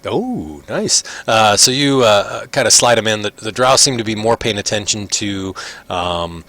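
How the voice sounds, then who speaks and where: A man's voice: on the low side, lively intonation, a little slow, a bit bright. A man running a tabletop game as game master, narrating casually with many fillers.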